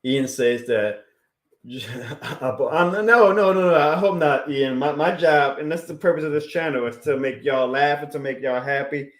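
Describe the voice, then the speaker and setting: A man's voice: medium pitch, unhurried, roomy sound. A man chatting casually on a live stream, heartfelt and rambling, laughing often and answering chat. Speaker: YouTube sports streamer.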